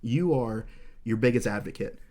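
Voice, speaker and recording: In a fairly low, slightly mellow voice at a moderate pace, a man in his thirties tells a story on his podcast. His casual talk is earnest and intense, full of rambling fillers and swearing in almost every sentence.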